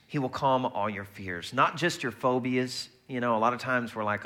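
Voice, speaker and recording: A man preaching a sermon in a conversational, lively way, often slipping into quoted voices. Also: mid-range voice, normal speed, few pauses. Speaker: pastor.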